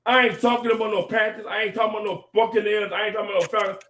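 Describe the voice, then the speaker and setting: A man's voice: sits high, little pitch movement, rapid-fire, fairly bright tone. A man arguing heatedly in a sports debate, cursing and repeating himself over the others. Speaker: debate panelist. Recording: echoey, distant room mic with faint noise.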